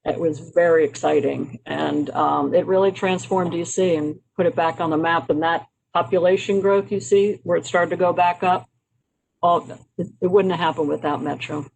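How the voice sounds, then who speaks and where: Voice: medium pitch, fairly even intonation, moderate pace, creaky, poor audio. A presenter from Maryland walking a county committee through slides in a conversational way, with frequent um and uh fillers and restarts. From Maryland, United States. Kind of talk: informal slide presentation on urban history.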